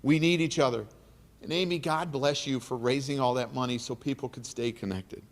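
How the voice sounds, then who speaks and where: This is a middle-aged man with a medium-pitched voice and a brisk delivery, giving the keynote at an awards dinner. He is emotional and earnest, repeating phrases for emphasis, and the recording echoes with the reverb of a large banquet hall.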